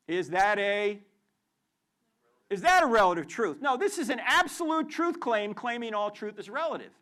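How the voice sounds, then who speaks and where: High-voiced, energetic male lecturer. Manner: energetic, jokey, quizzes the audience with questions. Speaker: Christian apologist speaker. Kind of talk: live apologetics lecture to students. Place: university event hall with live audience.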